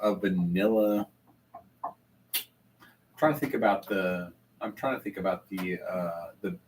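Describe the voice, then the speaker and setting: Man, whiskey tasting chat, excitable, stammers and restarts, mic a bit far off. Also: sits low, unhurried, background noise. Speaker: host. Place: bar.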